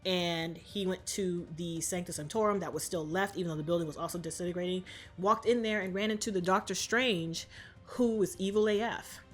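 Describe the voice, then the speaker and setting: A woman's voice: on the low side, a little fast. Slangy, profane woman vlogger. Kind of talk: comic movie recap.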